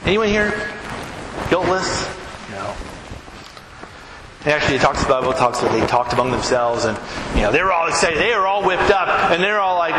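A man preaching a sermon as pastor in a church, emphatic, climbing to near-shouts on key phrases. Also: mid-range voice, lively intonation, a little fast. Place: church sanctuary. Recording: echoey hall with background noise.

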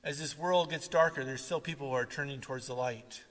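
A man preaching a sermon, swinging from loud, animated retellings to quiet, earnest asides. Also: medium pitch, fairly quick. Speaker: pastor. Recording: long reverb of a hall.

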